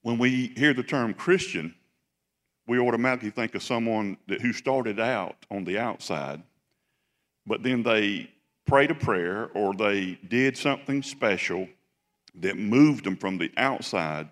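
A man's voice: lowish voice, a little slow. A man preaching a Sunday sermon. He talks with emphasis, repeats phrases and asks the congregation questions. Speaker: pastor. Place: large church sanctuary. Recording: long echo of a church hall.

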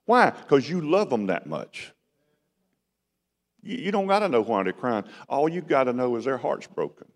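A man's voice: on the high side, sing-song, moderate pace. A man preaching a sermon in a conversational style that rises to emphatic bursts. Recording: long hall reverb.

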